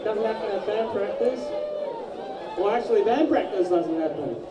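Man, high voice, crude deadpan joke-telling, live PA sound, loud crowd around. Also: normal speed, very noisy. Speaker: band member on stage. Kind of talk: stage banter telling jokes. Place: small live music venue, indoors. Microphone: stage PA heard from the audience. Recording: echoey club, taped far from stage.

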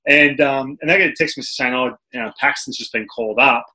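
Speaking fast in a mid-range voice, an Australian former pitcher hosts a relaxed interview podcast. He's an animated storyteller who keeps starting his sentences over.

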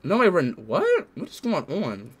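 A young man livestreaming who talks loudly and excitedly to his chat and repeats himself. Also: a little high, a little slow, background noise. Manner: loud, excitable, repetitive. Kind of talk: live stream chat.

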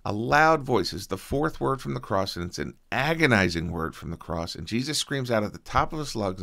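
A man preaching a sermon as pastor, earnest and conversational, with a soft-spoken prayer full of small fillers. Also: on the low side, animated, a little fast, gravelly, few pauses.

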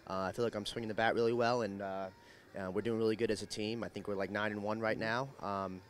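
A young college baseball player from New York, answering in an upbeat, easygoing way with many fillers. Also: male voice, fairly low pitch, flat delivery, fast talker. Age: young adult.

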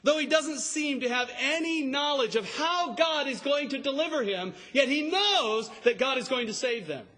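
A man preaching an expository sermon, emphatic and rising to a shout on key words. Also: very high-pitched, animated, normal speed, few pauses. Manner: expository, explains scripture line by line. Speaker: pastor.

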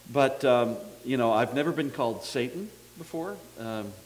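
A man's voice: mid-range voice, a little hiss or hum, poor audio. A man preaching a sermon as pastor, in a conversational, folksy manner with self-deprecating humor, acting out the dialogue of the story.

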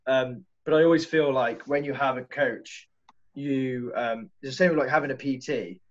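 A young man co-hosting a casual podcast, chatty and asking questions, often pausing on "um". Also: medium pitch, fairly even intonation, muffled recording. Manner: chatty, hesitant with "um". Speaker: podcast co-host.

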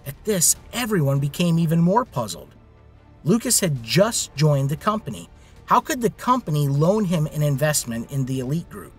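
A man narrating a story in a steady, scripted reading. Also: a little high, normal speed, slightly rough, faint music behind.

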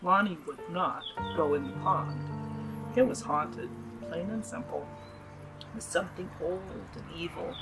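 A woman giving an expressive, dramatic reading of her own story at a writers' group. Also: on the low side, a little slow, over music, low-quality recording. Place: garden art gallery.

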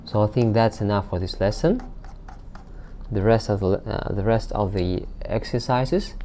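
A man teaching a recorded language lesson. He reads out example sentences, then explains them slowly with frequent hesitations and fillers. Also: on the low side, warm tone, slight background noise. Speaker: Arabic teacher.

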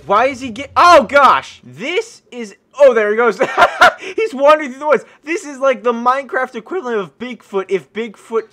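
A man hosting a gaming channel, giving excited gameplay commentary that breaks into shrieks, gasps and laughs. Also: very high voice, normal speed, hardly any pauses, background noise. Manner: animated and exclamatory.

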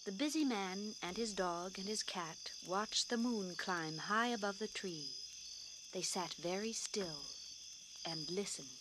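A woman reading a bedtime story aloud in a soothing, soft-spoken way, whispering the sound effects. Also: medium pitch, unhurried, noisy background. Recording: crickets chirping in the background.

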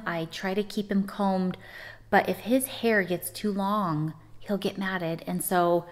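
A middle-aged vlogger with a medium-pitched voice chats casually to camera at home, talkative and quick to laugh.

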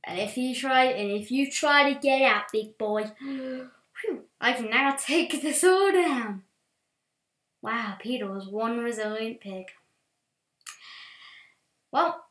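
A woman hosts a let's play, commenting on her game with excitable outbursts that drop to low muttering. Her voice sits a little high and she talks at an unhurried pace. The room has an echo. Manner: excitable, swings from quiet muttering to loud shouts. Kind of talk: gameplay commentary. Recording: roomy echo.

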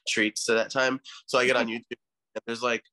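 A man's voice: medium pitch, little pitch movement, brisk, sharp tone. A man in his thirties, a podcast guest, telling stories in a rambling, effusive way. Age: 30s. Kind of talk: casual chat.

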